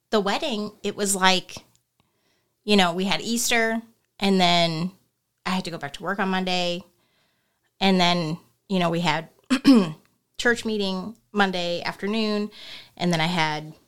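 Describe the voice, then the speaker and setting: A woman from the northern United States, co-hosting a casual chat and telling stories with lots of laughter. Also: medium pitch. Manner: giggly, animated storyteller.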